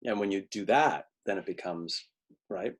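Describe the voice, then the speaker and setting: A man with a low, husky voice teaches acting in a webinar over a video call, speaking at a normal speed. He talks conversationally, restarts often, and briefly performs the lines he quotes.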